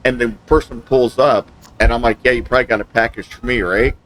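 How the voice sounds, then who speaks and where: A man's voice: medium pitch, steady tone, a little fast, a bit bright, soft background music. A man chatting casually while gaming, telling a long complaint story and acting out both sides of the conversations he quotes. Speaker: gaming channel host.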